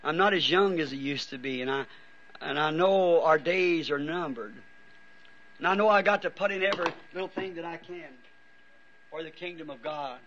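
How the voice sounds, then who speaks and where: A man's voice: a little high, a bit bright. Weary man preaching on an old tape. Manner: earnest, pleading, halting restarts. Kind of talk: fervent prayer and altar call. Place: church before a congregation. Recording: dull old sermon tape with faint hiss.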